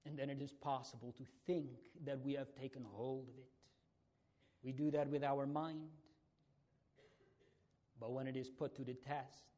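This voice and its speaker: A man's voice: medium pitch, warm tone. A man preaching a fervent sermon to a congregation, building to emphatic raised passages and repeating key phrases. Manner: fervent preaching with rising emphatic outbursts and repetitions.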